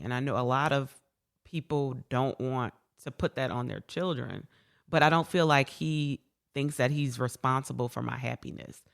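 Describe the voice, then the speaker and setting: Woman, very low voice, gravelly, warm casual chat, frequent laughter. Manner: warm, laughs often, repeats words when emotional. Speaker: guest.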